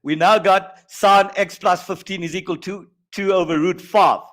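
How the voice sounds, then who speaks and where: Joking South African maths tutor. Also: male voice, sits high, fairly even intonation, normal speed, fairly bright tone. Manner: playful, joking banter between worked steps. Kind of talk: online exam workshop. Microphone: online stream mic.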